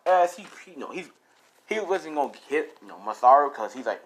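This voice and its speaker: A man improvising a fan story out loud, rambling and profane, often correcting himself and laughing at his own lines. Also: on the high side, big pitch swings, a little fast, noisy background.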